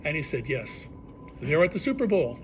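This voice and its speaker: A rabbi telling stories to a live audience, animated and acting out the people in them. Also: male voice, on the high side, fast talker, a little hiss or hum. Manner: animated storyteller, acts out characters' voices. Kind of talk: storytelling talk to a live audience.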